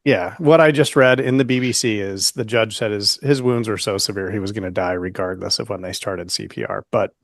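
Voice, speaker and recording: A man's voice: fairly low pitch, brisk, creaky, hardly any pauses, no room sound, clean studio sound. Questioning man in podcast chat. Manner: questioning, hedging, many "like" fillers. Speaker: podcast co-host. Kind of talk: casual podcast discussion.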